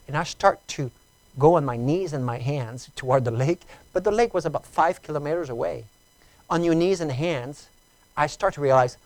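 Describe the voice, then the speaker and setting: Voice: medium pitch, animated, moderate pace, no room sound, rough recording. French-accented preacher telling a testimony. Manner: storytelling, repeats words, stammers, swings from hushed to loud. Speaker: testimony speaker. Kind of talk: emotional testimony sermon.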